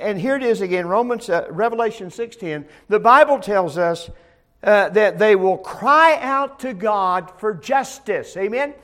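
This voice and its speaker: During a Bible study, this pastor preaches in a high-pitched voice, alternating between booming proclamations and quiet asides. He tends to repeat words when beginning a phrase, and his delivery is emphatic.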